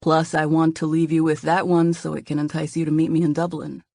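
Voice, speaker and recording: A woman's voice: deep voice, little pitch movement, fairly quick, vocal fry, darkish tone, dry recording, studio quality. A woman voicing a confident young man who jokes and teases playfully. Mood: teasing. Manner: teasing, playful.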